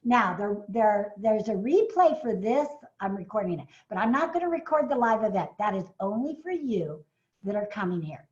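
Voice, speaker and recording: A woman hosting a live webinar on a video call, pitching an event with excited bursts and fillers, her voice a little hoarse from coughing. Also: normal speed, dull audio.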